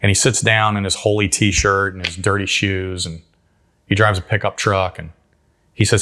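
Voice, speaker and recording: Male interview guest, deep-voiced, tells stories with energy and folksy grammar. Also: normal speed. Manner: animated storyteller acting out quotes. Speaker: guest entrepreneur. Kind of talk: storytelling interview.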